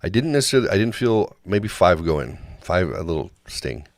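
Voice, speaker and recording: A man's voice: low-pitched, big pitch swings, a little fast, no echo. A man on a podcast, casually telling a crude, joking story and acting out what others said. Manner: crude jokes, acts out others' lines. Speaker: podcast co-host.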